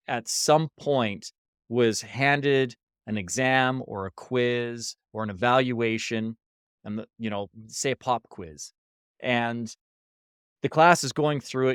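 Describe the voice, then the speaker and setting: A man appears as a podcast guest in a hostel room, casually telling a story about leadership workshops and voicing the people in it. His voice is medium-pitched and smooth. The audio is studio quality with no echo.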